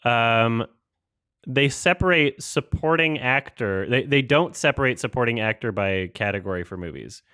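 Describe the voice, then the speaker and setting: A man's voice: medium pitch, normal speed, pushed and bright, smooth, dry recording, clean studio sound. A young man hosting a casual online hangout, thinking aloud as he reads through award results. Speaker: host. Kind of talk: casual chat.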